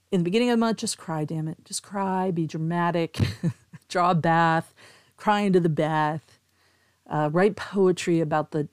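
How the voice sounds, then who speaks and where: A woman's voice: lowish voice, no echo, studio quality. A middle-aged woman, hosting a podcast and telling a candid, emotional personal story in a monologue. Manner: candid, emotional, with soft laughs. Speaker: podcast host, tarot and astrology reader.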